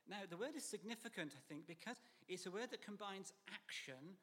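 A man preaching a sermon in a church, measured and emphatic, sometimes dropping to a near whisper. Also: high voice, lively intonation, a bit bright, slightly rough, in a large hall.

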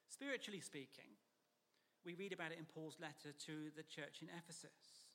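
Man preaching a sermon in a reverberant hall. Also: fairly high pitch. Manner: measured, emphatic, softening to near whispers. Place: church.

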